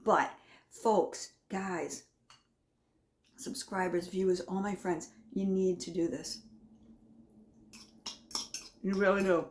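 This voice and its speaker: A woman's voice: on the low side, steady tone, slow, long pauses, a little mellow, a little hiss or hum. A woman chatting casually in her home kitchen as she tastes and talks through her own cooking, rambling and folksy.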